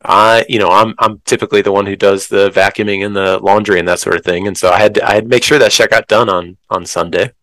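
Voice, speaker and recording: Low-voiced reflective man, dry sound. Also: fairly even intonation, fast, hardly any pauses, a bit bright, dry recording, poor audio. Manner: reflective, candid, frequent ums. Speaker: guest, math professor and bikepacker. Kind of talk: casual conversational interview.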